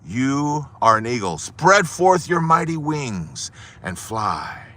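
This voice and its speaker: A man voicing a male naturalist in a told parable, who shouts in disbelief and then solemnly commands a bird to fly. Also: mid-range voice, big pitch swings, slow pace, pitched above the performer's own voice, exaggerated voice.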